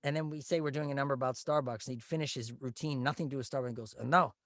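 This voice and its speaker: A man telling stories in a casual, animated way, with quick bursts of speech. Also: medium pitch, no room sound, studio quality. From Canada. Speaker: guest, Broadway actor.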